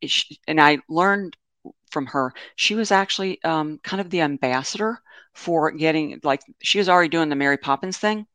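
Speaking on the high side at normal speed, this man sounds pushed and bright, clear and resonant, in a dry recording. He meanders through animal stories in a casual webinar, often self-correcting and filling gaps with fillers.

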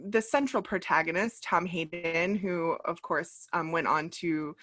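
A woman co-hosting a casual film review, chatting in a lively way and laughing often. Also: on the low side, a little slow.

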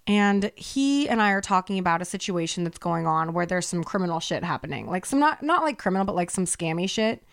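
A woman co-hosting a podcast in casual chat, telling stories in an animated, profane, ranting way. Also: fairly low pitch, a little fast, hardly any pauses, dry recording, studio quality. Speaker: podcast co-host.

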